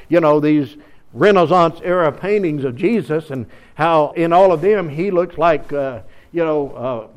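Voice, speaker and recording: High-voiced preacher man. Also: lo-fi sound. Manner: folksy preaching, rising to loud exhortation. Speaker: pastor. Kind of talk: sermon.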